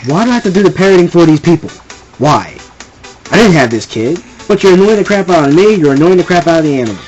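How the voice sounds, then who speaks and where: A man's voice: fairly high pitch, expressive, quick pace, darkish tone, muffled recording, soft background music. A young man ranting casually and with exasperation, rambling and repeating himself. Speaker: vlogger ranting. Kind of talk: casual rant to camera.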